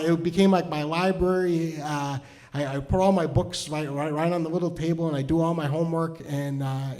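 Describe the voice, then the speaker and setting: Middle-aged male storyteller, high voice, chatty and self-mocking, stops and restarts. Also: a little mellow. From New Hampshire. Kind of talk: stand-up storytelling.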